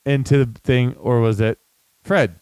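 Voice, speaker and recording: A man's voice: mid-range voice, fairly even intonation, measured pace, darkish tone, clean tone, dry recording. A man co-hosting a podcast, casually questioning and chatting about a movie. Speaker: podcast co-host. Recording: dry close-miked home studio.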